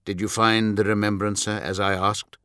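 A man's voice: fairly low pitch, level tone, moderate pace, sharp tone, smooth, dry recording, clean studio sound. A man voicing a grave, compassionate male warrior-lord who speaks in a solemn, weighty way.

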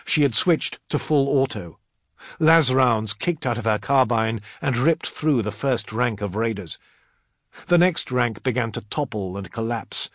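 A man narrating an audiobook in a dramatic, expressive reading. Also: mid-range voice, a little slow, no echo, studio quality.

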